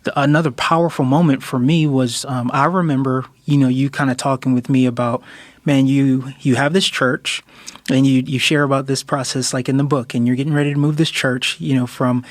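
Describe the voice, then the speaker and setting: A man in his forties, a guest talking thoughtfully in a measured way, with frequent "like" and "you know". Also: mid-range voice, fairly even intonation, no room sound. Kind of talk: heartfelt conversation.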